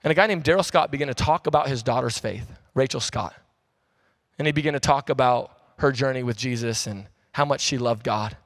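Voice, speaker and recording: A man in his thirties preaching a sermon as pastor, telling stories in a casual, animated way with slang. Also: mid-range voice, fairly quick. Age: 30s.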